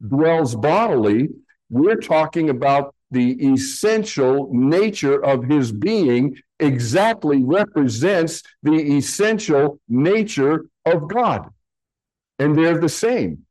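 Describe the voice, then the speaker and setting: A pastor teaching a sermon, slowly explaining Greek words from slides in a patient, deliberate way. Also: male voice, a little high, a little mellow, low-quality recording.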